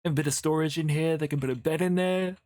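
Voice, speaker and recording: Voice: medium pitch, fairly even intonation, quick pace, a little mellow, no echo. Chatty gamer, dry close mic. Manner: chatty, rambling, self-interrupting. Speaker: gaming YouTuber. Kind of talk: casual Minecraft building commentary.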